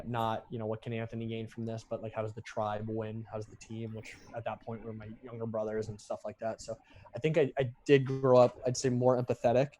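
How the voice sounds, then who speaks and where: Fast-talking young man, profane and rambling. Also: lowish voice, warm tone, slight background noise. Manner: rapid, profane, rambling with restarts. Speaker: entrepreneur guest. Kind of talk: casual podcast interview.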